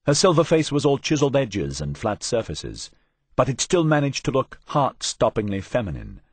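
A man narrating a science fiction audiobook in the first person, wry and expressive. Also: mid-range voice, moderate pace, slightly rough, no room sound. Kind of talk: scripted narration.

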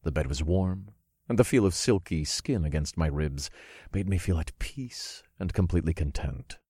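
A man narrating an audiobook in the first person, telling the story in a relaxed, smooth way. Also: low voice, moderate pace, no echo, clean studio sound.

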